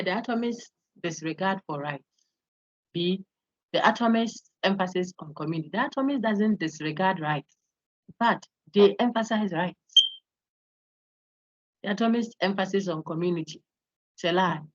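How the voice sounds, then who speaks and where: A woman lecturer walks her online class through quiz answers, explaining each option and calling on students by turn. Her voice sits low and comes through dry and slightly muffled over the call. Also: no echo. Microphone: video call.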